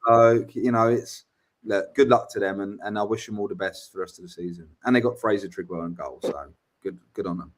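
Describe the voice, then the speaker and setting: Blunt, sweary bloke. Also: male voice, lowish voice, quick pace. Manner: blunt, swears freely, repeats words. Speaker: podcast co-host. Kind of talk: casual football chat.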